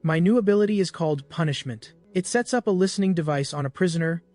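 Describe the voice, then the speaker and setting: A man's voice: a little high, quick pace, darkish tone, soft background music, lightly acted. A man doing a smug mocking rival.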